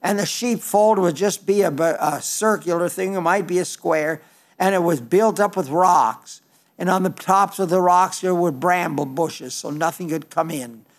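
An older man preaching a sermon, halting and restarting often, slowing and lifting his voice when he quotes scripture. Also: high-pitched. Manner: halting, with frequent restarts and fillers.

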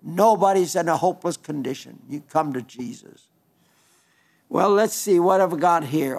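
A man's voice: on the high side, creaky, darkish tone. Folksy preacher in his nineties. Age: 90s. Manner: folksy, halting, with frequent restarts; fervent when praising the gospel. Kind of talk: radio sermon reading listener letters.

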